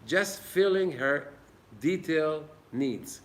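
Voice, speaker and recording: A man's voice: medium pitch, lively intonation, unhurried, a bit bright. A man giving an informal Torah class in an old synagogue, earnest and plain-spoken. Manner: earnest, plain-spoken, acts out little dialogues. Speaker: Torah teacher.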